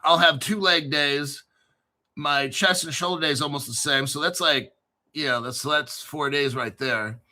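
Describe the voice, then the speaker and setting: Excitable, profane New Jersey man. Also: on the high side, normal speed. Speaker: crypto channel host. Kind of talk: casual livestream chat.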